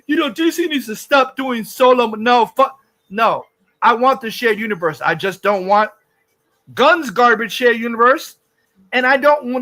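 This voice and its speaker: Man, very high pitch, angry profane livestream rant, repetitive. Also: pushed and bright. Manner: furious, profane, repetitive ranting. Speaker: livestream host.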